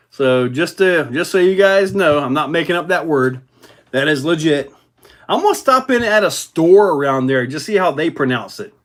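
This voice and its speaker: A man hosting a casual livestream, rambling in a relaxed way with many fillers while answering viewer comments. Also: fairly high pitch. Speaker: RC hobby livestream host.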